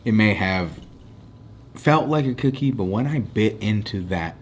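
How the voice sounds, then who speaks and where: Rating cookies with his co-host, a man with a fairly low, animated voice keeps things relaxed, pausing his pace to deliver each score before drifting back into loose banter. A faint hum sits in the background.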